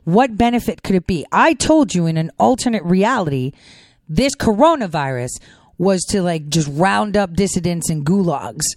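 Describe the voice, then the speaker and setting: A woman hosting a political commentary show, talking fast in a chatty, rambling monologue full of fillers. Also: lowish voice, animated, darkish tone, no echo. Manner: talks fast. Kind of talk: casual monologue.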